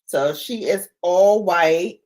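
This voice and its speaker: A woman's voice: on the low side, takes it slowly, darkish tone. A middle-aged woman hosting a casual livestream, chatty, laughing often and answering viewer comments. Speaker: livestream host.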